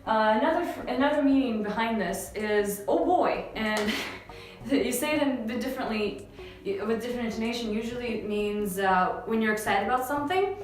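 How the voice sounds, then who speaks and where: A young woman from Canada, explaining English phrases in a relaxed, chatty lesson with many fillers. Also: fairly high pitch, brisk. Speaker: English teacher. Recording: very echoey room with faint music.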